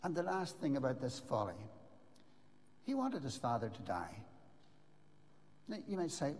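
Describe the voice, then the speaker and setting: An older man preaching a sermon, earnest and emphatic, with dramatic pauses. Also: mid-range voice, huge pitch swings, darkish tone. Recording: long reverb of a large hall.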